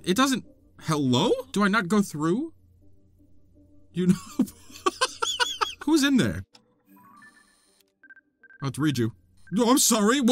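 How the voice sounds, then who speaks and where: Young male gaming creator, high and lively, excitable let's play commentary with lots of laughing. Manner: excitable, laughs often, talks to the game characters.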